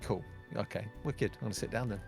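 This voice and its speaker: A man's voice: on the low side, fast talker, vocal fry, over music. A man playing a tabletop game, casual and joking. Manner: casual, laughing, playful. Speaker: player.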